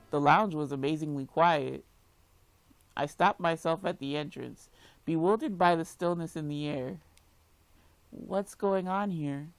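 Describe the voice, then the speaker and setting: A woman playing a video game and reading its text aloud, reacting loudly and dramatically. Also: low-pitched. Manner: reads dialogue aloud, with loud dramatic reactions. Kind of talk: let's play reading and reacting.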